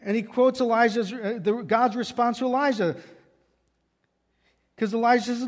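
A man with a strikingly high voice preaches a sermon. He tells a scripture story and rises in pitch and force for the quotes. A long reverb trails behind his words. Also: moderate pace. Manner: storytelling, quoting scripture with raised voice.

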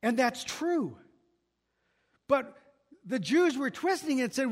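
A man's voice: very high voice, very animated, slow, long pauses. A pastor preaching an earnest expository sermon, often restarting and repeating words as he works through a passage.

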